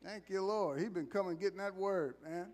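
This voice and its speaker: A man's voice: high voice, normal speed. A man preaching as pastor in a church, calling for responses and joking with the congregation. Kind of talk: sermon with announcements.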